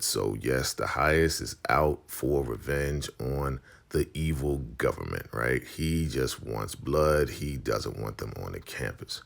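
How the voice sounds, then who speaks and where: Deep, gravelly-voiced man recapping a show. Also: slow, few pauses. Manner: laid-back, slangy, animated storytelling. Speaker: TV recap vlogger. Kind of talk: casual episode recap.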